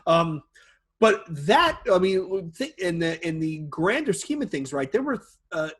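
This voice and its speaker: Animated, husky-voiced man. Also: sits high, unhurried. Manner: animated storyteller, laughs often, profane. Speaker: podcast co-host. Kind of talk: casual chat.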